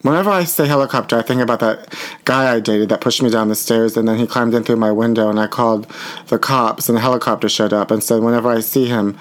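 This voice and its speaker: A man's voice: medium pitch, steady tone, fast talker. A man hosting a comedy podcast, chatting in a flamboyant, dramatic way and calling people honey. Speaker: podcast host. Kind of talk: casual comedic chat.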